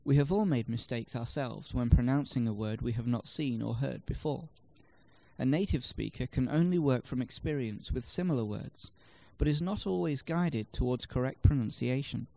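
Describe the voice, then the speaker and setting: A man reads scripted narration for a language lesson, measured and explanatory, showing word stress through example sentences. His medium-pitched voice is warm, with some vocal fry.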